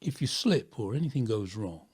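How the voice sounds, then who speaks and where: A man, a former pirate radio DJ, telling stories of his days on the ship with lively laughs and hushed moments. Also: lowish voice, moderate pace, husky. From England. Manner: animated storytelling with laughs, drops to near whisper. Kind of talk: reminiscing interview.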